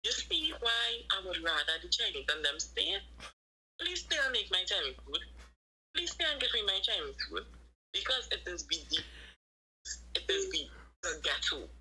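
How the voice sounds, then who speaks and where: A woman with a Trinidad and Tobago accent chats on a live stream, telling animated stories and slipping into quoted voices. Her voice is husky yet very bright and forward. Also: lowish voice, normal speed, rough recording. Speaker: co-host. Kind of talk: casual live-stream chat.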